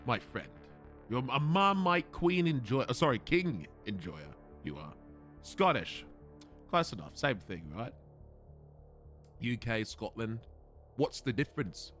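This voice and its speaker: A man's voice: mid-range voice, big pitch swings, normal speed, fairly bright tone, faint music behind. A young Australian man chatting casually with his stream viewers, swearing and laughing at himself as he goes.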